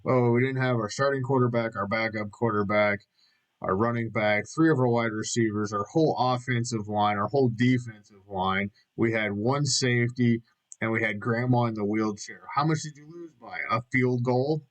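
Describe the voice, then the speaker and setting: A man's voice: mid-range voice, moderate pace, poor audio. A middle-aged man rambling through a casual vlog monologue, jokey and self-mocking, with frequent swearing. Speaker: vlogger.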